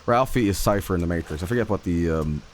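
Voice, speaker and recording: A man's voice: low voice, fast talker, slight background noise. A man streaming a game, chatting casually while rambling, swearing and laughing often. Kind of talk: casual livestream chat while gaming.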